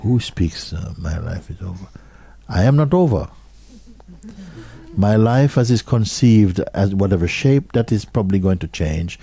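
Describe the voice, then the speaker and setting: A man as a spiritual teacher giving a slow, questioning talk to an audience, repeating short phrases and sometimes dropping almost to a whisper. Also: low voice, lively intonation, creaky, dark tone, breathy edge.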